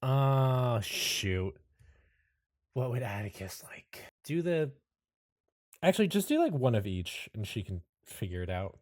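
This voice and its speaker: A man's voice: mid-range voice, sing-song, a little slow, no echo, studio quality. A man playing in a tabletop game, joking and laughing as he talks. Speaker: player.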